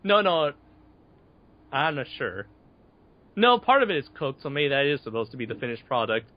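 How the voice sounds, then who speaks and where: Lively, bouncy-voiced podcast man. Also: medium pitch, moderate pace, highs cut off. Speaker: podcast co-host. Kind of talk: casual comedic banter.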